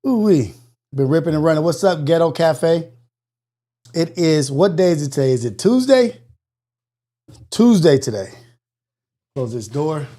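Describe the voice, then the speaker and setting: A man's voice: fairly high pitch, unhurried, pauses often. Breathless, upbeat man hosting a morning show. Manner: energetic, exclaiming, preachy motivational asides. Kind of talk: casual live call-in chat.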